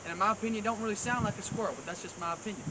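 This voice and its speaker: Guy with a high voice rambling and bragging, lots of loud background noise. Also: very fast. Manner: rambling, folksy, mock-boastful. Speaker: comedy show host. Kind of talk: deadpan comedic monologue.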